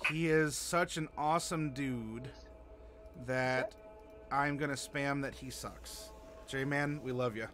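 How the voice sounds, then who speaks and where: A man running a streamed tabletop game as game master, chatty and halting with lots of fillers. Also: mid-range voice, fairly bright tone, soft background music. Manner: chatty, halting, many fillers, laughs easily.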